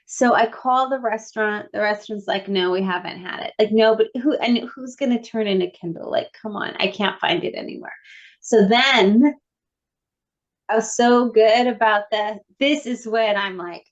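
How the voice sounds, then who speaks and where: A woman co-hosting a podcast, telling a story in lively, playful self-mockery. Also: on the high side, normal speed, dull audio. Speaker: podcast co-host. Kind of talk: casual chat.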